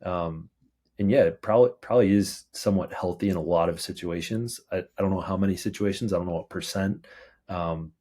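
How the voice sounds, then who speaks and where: A man hosts a relaxed interview with a very low-pitched voice. He talks hesitantly, restarting his sentences and filling the gaps with 'um' and 'like'. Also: a little fast. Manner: hesitant, restarts and filler words. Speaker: podcast host. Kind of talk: casual interview chat.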